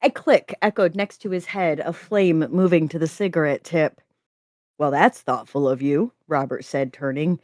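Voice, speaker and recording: A woman co-hosting a writing prompt stream who chats excitedly, giggles, talks with her mouth full and reads stories aloud. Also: sits low, moderate pace, no echo, clean studio sound. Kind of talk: casual chat and reading stories aloud.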